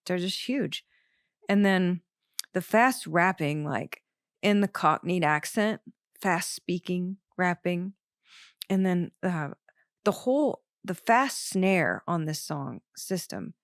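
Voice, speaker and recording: Chatting about an album, a woman with a lowish voice hosts her show with lots of enthusiasm and plenty of filler words. It's studio-quality audio with no echo.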